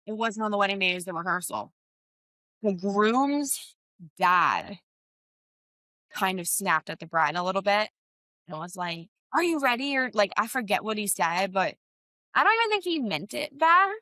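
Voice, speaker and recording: A woman's voice: medium pitch, sharp tone, no echo. A young woman hosting a casual podcast as a wedding planner, chatty with lots of "um" and "like". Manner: chatty, many fillers like "um" and "like".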